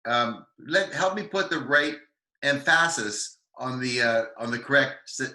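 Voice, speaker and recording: Canadian dude gushing over whisky, bright sharp voice, lots of ums, roomy echo. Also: male voice, mid-range voice, animated. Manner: enthusiastic, halting with many fillers. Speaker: co-host of a whisky tasting show. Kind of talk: casual tasting chat.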